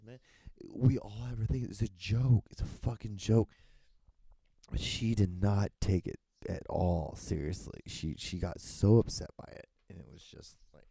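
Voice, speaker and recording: Swearing laid-back man with a deep gravelly voice. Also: mellow, no echo. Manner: rambling, swears a lot, acts out quotes. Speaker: podcast host. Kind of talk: casual solo monologue.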